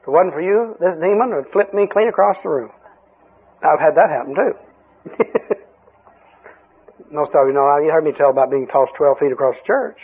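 A man preaching a sermon, telling folksy stories with frequent chuckles, in a husky voice. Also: fairly high pitch, lively intonation, normal speed, pauses often. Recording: tinny lo-fi radio broadcast.

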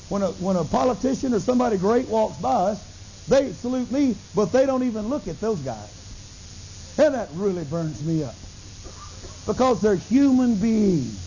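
Gravelly animated male preacher. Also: high-pitched. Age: middle-aged. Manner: animated storytelling, acts out dialogue, bursts into tongues. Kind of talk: sermon. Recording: dull lo-fi recording with faint hiss.

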